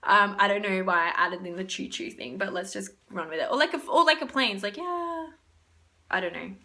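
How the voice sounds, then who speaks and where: A woman's voice: mid-range voice, expressive, fairly quick, sharp tone. A young woman, talking in a casual, rambling motivational vlog as a spiritual reader, often laughing.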